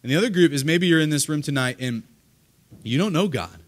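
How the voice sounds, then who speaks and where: A man's voice: a little high, lively intonation, fairly quick. A male pastor preaching to a live congregation in an earnest way, often repeating words as he starts a sentence. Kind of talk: sermon. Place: church service, live congregation.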